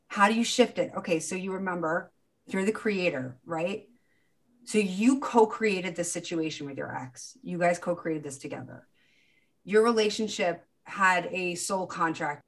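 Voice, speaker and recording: A woman's voice: on the low side, a bit bright. A woman hosting a podcast, coaching a guest in a casual, earnest way and acting out feelings with animation. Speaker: podcast host. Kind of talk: casual spiritual coaching chat.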